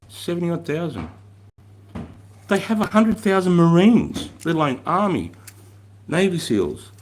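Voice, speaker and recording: An Australian army veteran runs a casual live stream in a fairly high voice, reading out viewers' chat and answering their questions. He's blunt and swears heavily, repeating and restarting words as he stumbles along, with slight background noise behind him.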